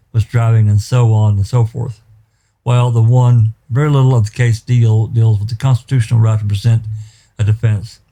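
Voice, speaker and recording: A man's voice: mid-range voice, dark tone. A man defense attorney rebutting the prosecution in a courtroom, pointed and emphatic, with many fillers.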